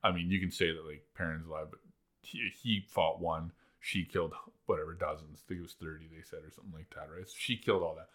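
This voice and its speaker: A man in casual chat recapping a TV episode, animated and acting out characters' lines. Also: extremely low pitch, quick pace. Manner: animated, acts out lines in put-on voices.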